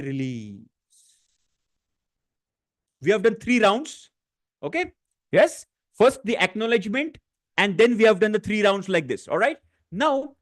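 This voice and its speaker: Soft-spoken man guiding a tapping session. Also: sits high. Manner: gentle instructive, many fillers and restarts. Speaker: stress-relief workshop facilitator. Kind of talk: guided tapping session on a live online class.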